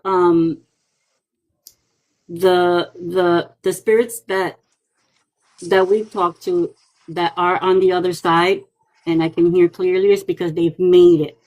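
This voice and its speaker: A woman, a psychic medium guest, chatting casually and telling lively stories in which she acts out other people's voices. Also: on the low side, takes it slowly, long pauses, poor audio. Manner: lively storyteller who acts out quoted voices. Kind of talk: casual livestream chat.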